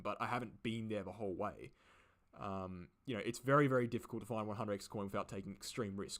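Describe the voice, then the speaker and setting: Aussie guy rambling on his live stream, lots of "you know" and "like", talks quick. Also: mid-range voice. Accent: Australian. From Australia. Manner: rambling, filler-heavy, repeats himself. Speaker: crypto channel host. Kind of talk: live stream, answering viewer questions.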